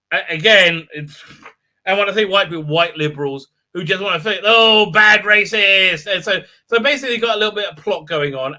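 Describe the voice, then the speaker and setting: A man's voice: sits high, sharp tone. A man hosting a live stream, recapping an episode in a rambling, sarcastic way with many fillers. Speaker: show host.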